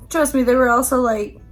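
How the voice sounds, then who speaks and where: Gravelly, playful woman reading tarot cards. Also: mid-range voice, a little slow, faint music behind. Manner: playful and chatty, laughs often, swears casually. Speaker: tarot card reader. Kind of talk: casual pick-a-card tarot reading.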